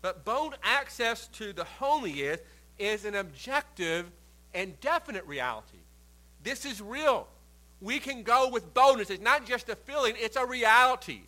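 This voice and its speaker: A man preaching a sermon, stressing words emphatically and letting phrase endings fall quiet. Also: high-pitched, lively intonation, unhurried, rough recording.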